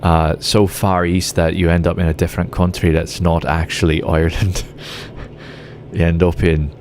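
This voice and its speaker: A man's voice: deep voice, flat delivery, moderate pace, darkish tone. A man with an Australian accent chatting casually with his live-stream audience while gaming, rambling with lots of filler words. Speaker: game streamer.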